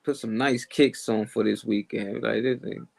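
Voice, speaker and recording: A man's voice: on the low side, steady tone, normal speed, gravelly, darkish tone, no echo. A man co-hosting a live talk show in casual banter, laid-back and laughing often. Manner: laid-back, laughs a lot, tells stories with voices. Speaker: co-host.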